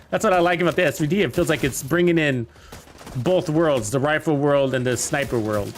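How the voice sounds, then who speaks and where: A man's voice: on the high side, slight background noise. A young man giving casual, rambling commentary while playing a video game, chatting to his viewers with lots of fillers. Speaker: game streamer.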